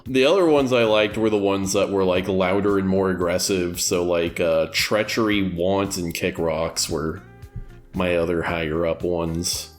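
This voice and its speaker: A man co-hosting a podcast, talking casually about music with dry, deadpan humor. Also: sits low, a little slow. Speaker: podcast co-host reviewing an album. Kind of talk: casual chat.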